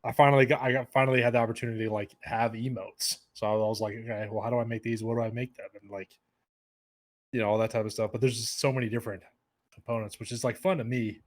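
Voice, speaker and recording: A young man talking as a guest on a casual podcast. His voice sits at an ordinary middle pitch, and he rambles along with plenty of fillers and restarts. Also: little pitch movement, fast talker.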